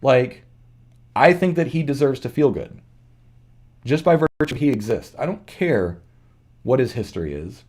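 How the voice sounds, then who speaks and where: A channel host with a mid-range, slightly mellow voice and a breathy edge talks through his ideas in an unscripted, earnest, reflective monologue. He's expressive, keeps a measured pace with long pauses, and often restarts and corrects himself mid-sentence.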